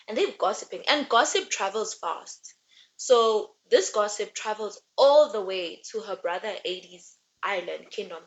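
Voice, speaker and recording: A woman's voice: medium pitch, unhurried, low-quality recording. Chatty young woman ranting about a book. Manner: chatty, rambling, lots of fillers and restarts, animated asides. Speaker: book reviewer. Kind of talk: casual book recap and rant.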